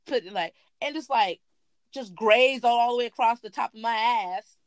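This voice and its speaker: Animated young woman telling a story. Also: a little high, normal speed, no echo. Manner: animated, acts out quotes, laughs often. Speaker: podcast co-host. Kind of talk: casual storytelling chat.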